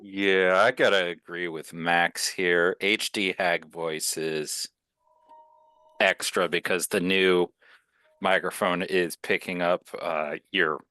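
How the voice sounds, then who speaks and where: A man's voice: low-pitched, fairly even intonation, takes it slowly, pushed and bright, dry recording, faint music behind. A man playing a tabletop role-playing game, chatting in a casual, offhand way. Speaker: player.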